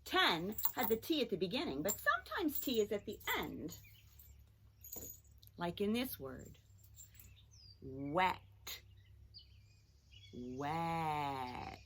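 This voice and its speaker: A woman leads a children's phonics lesson in a slow, sing-song, encouraging manner. Her voice is bright and forward, and she takes her time over each word. Faint birdsong sits in the background. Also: medium pitch, wildly swooping pitch, a little hiss or hum. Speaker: teacher.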